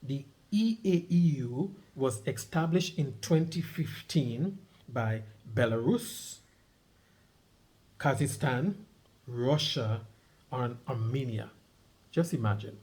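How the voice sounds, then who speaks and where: A middle-aged man vlogs as he reads a news article aloud, stopping now and then to add his own comments. His voice is medium-pitched, expressive and darkish, and he speaks slowly. He's emphatic, repeating key points and asking listeners to underline words.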